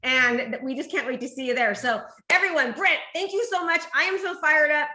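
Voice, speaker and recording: Bright, gushing woman host. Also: high voice, brisk. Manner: effusive, gushing and upbeat. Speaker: host and real estate coach. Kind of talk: enthusiastic interview hosting. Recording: echoey room.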